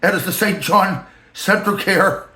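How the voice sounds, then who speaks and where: A man voicing a brash, boastful male store supervisor in a high, mocking put-on voice. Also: a little slow, bright, forceful tone. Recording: echoey room.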